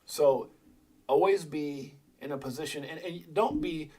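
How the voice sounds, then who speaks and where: A man hosting a crypto livestream, talking casually and rambling with animated asides. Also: on the high side, breathy edge. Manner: rambling, animated, quick asides and mock voices.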